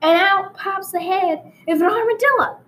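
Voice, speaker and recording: A rambling old Texan storyteller spins a tall tale in a high, bright voice with a deliberately overdone drawl, as a young woman hams it up. The storyteller is folksy and wanders into odd asides, with faint room ambience behind. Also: slight background noise, rough recording. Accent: put-on rural Texan. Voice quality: exaggerated drawl, deliberately bad accent.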